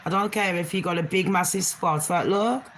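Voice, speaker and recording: A woman's voice: on the low side, moderate pace, fairly bright tone, a little hiss or hum. A middle-aged woman, hosting a casual live chat with her viewers in a rambling, frank, slangy way. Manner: slangy street talk. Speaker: livestream host.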